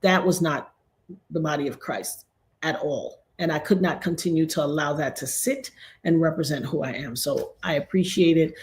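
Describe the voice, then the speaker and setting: A woman's voice: normal speed, darkish tone, a little hiss or hum. Earnest, preachy middle-aged woman streaming. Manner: earnest and preachy, with sudden high exclamations. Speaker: livestream host. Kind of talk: casual livestream talk.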